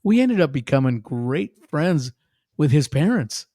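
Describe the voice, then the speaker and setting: A man, a musician guest on a podcast, telling animated stories in casual chat and laughing often. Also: a little high, unhurried, no room sound, studio quality.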